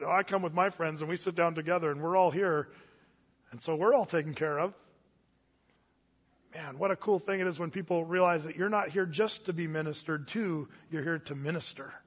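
In a church hall, a man with a slightly high, husky voice delivers a fairly quick sermon, chatting in a folksy, easygoing style and often going off on asides or starting over. The audio is dull and carries long reverb.

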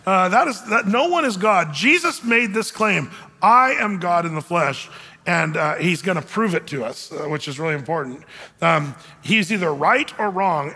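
A man's voice: high-pitched, bright, forceful tone, big-room sound. A man preaching a sermon, emphatic, acting out quotes in dramatic voices. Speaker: pastor.

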